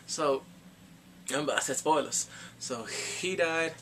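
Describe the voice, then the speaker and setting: A man casually reviewing a TV series in slangy, animated chat, laughing often. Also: a little high, unhurried, slight background noise. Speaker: show reviewer.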